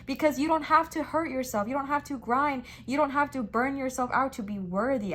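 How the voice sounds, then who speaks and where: A woman's voice: sits high, normal speed, slight background noise. A young woman giving a casual tarot reading, talking with emphatic, repeated reassurances and slangy, chatty phrasing. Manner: chatty and slangy, says frickin' and bestie. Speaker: tarot reader.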